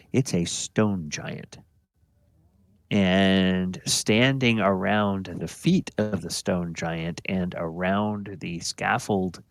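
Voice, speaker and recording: A man narrates a tabletop game as its dungeon master, describing the scene at an unhurried pace. He talks in a low voice and fills his pauses with ums and uhs. The recording is dry. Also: no room sound. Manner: relaxed, unhurried, with many fillers.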